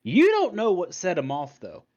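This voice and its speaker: Laughing game master on lo-fi audio. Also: male voice, high-pitched, huge pitch swings, moderate pace, darkish tone. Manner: laughing, loose, profane narration. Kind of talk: narrating a tabletop game. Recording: dull lo-fi audio.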